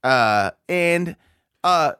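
A man's voice: a little high, lively intonation, very slow, sharp tone, clear, resonant tone, no room sound, studio quality. Rambling, profane man telling a story. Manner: rambling, profane, many fillers and restarts. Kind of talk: casual storytelling chat.

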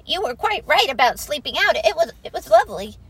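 A woman's voice: high voice, sing-song, a little fast, a bit bright, pitched above the performer's own voice. A woman voicing a shy, polite little teddy bear in a storybook reading, stammering hesitantly. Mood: happy.

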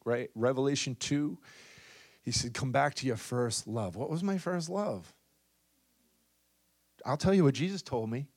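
A man preaching with charismatic fervor, rising to loud calls and then dropping to hushed, intimate tones. He keeps tossing out "come on" and "right?" to his listeners. His voice sits at a middle pitch and sounds dry and close. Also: dry recording. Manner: swings from loud exhortation to low, soft intimacy; peppers talk with "come on" and "right?". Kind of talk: charismatic sermon.

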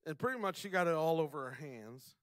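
A young man preaching a sermon, slowing down to stress key words and building to loud, emphatic passages. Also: fairly high pitch, animated, dry recording, studio quality. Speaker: pastor; father.

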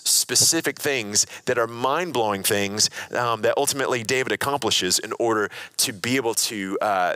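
A man's voice: mid-range voice, pushed and bright, no room sound. A man teaching a sermon in a conversational way, retelling and reading a scripture passage aloud with frequent restarts.

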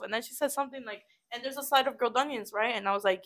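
A woman's voice: a little high, fast. A young woman casually chatting as a podcast co-host, telling a story about a customer with lots of swearing. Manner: profane, animated storytelling. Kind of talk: casual chat. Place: study room.

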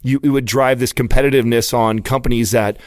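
A man co-hosting a podcast, rambling through ideas with halting restarts. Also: medium pitch, steady tone, dry recording, clean studio sound. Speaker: podcast co-host. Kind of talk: casual podcast chat.

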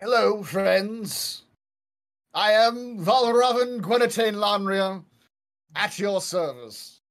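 A man's voice: high-pitched, lively intonation, takes it slowly, a bit bright, full character voice. A man voicing a courteous adventurer who speaks in formal, courtly phrases. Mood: gracious.

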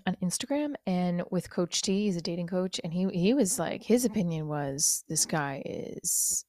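A middle-aged woman hosting a podcast, talking through a confessional monologue in a rambling, halting way, sounding hurt and low. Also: a little mellow, dry recording, studio quality. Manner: rambling, halting, many fillers and restarts. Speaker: podcast host.

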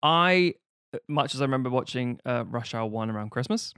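A British man co-hosting a casual film podcast, rambling into animated, sweary rants. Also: mid-range voice, moderate pace, clean tone, no echo, clean studio sound. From United Kingdom. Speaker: podcast co-host. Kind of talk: casual film review chat.

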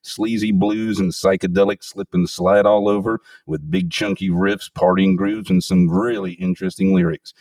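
A man's voice: deep voice, fairly even intonation, normal speed, few pauses, a little mellow, no room sound, recorded from a distance. A man hosting a metal podcast, reading enthusiastic album reviews and chatting with profane emphasis. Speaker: podcast host. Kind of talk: casual podcast chat with read reviews.

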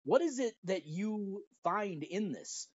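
A middle-aged father co-hosting a casual podcast, talking in an animated way and acting out his anecdotes. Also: sits high, takes it slowly, dry recording. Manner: animated storyteller, puts on voices in his anecdotes. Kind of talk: casual conversation. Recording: dry, dull lo-fi audio.

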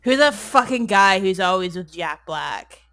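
Her voice sits in the mid range, expressive and a little slow, with a fairly bright tone. As a co-host on a comedy podcast, she loosely recaps a movie, rambling and sarcastic, swearing a lot and leaning heavily on "like."

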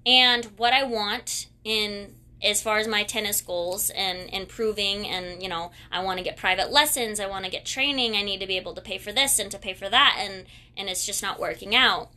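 A woman in her mid-twenties talks through a personal story, her voice bright and forward. She rambles and restarts her sentences, candid and unpolished. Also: mid-range voice, moderate pace, few pauses. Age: 20s. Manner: rambling, self-correcting, candid.

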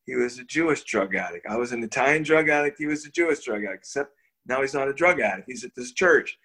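An older man telling a personal story as an interview guest, his voice sitting at an ordinary, middle pitch. He talks in a lively, animated way, stumbling over repeated words and restarts, with little chuckles along the way. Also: fast. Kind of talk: casual storytelling.

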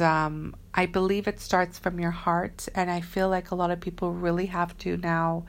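Slangy, earnest woman with a low voice. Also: gravelly. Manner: earnest, chatty, slangy, many fillers. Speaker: spiritual reader. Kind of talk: casual spiritual vlog talk.

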